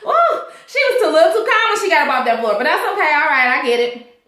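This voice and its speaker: A young woman recapping a TV episode in a casual, profane, animated vlog, acting out the characters' lines as she goes. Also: high voice, quick pace, echoey room. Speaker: TV show reviewer.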